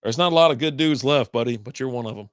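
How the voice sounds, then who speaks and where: A man's voice: medium pitch, quick pace, smooth, no echo, studio quality. A middle-aged man hosting a beer podcast livestream, chatting in a rambling, casual way and swearing freely.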